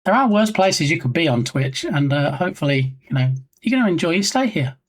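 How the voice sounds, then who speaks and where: A man's voice: on the high side, sing-song, brisk. A British man chatting casually on a live stream, reading chat messages aloud and reacting.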